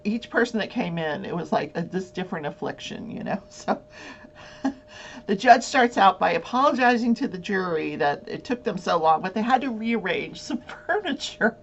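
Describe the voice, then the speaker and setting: A woman's voice: fairly low pitch, expressive, normal speed, gravelly. A woman hosting a casual talk show, telling a long story with many fillers and frequent laughter. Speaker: host. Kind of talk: casual chat. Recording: dull lo-fi with faint hum.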